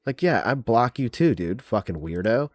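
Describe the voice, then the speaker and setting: A man's voice: medium pitch, very animated, normal speed. A man hosting a podcast in casual chat, mocking and profane as he trash-talks and reads out viewer comments. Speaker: podcast host.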